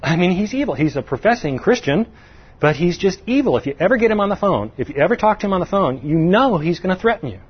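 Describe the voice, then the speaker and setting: A man's voice: high-pitched, very animated, fast, breathy edge, highs cut off. A middle-aged man giving a conversational sermon in a folksy way, asking the audience questions and lifting his voice to stress points. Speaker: preacher.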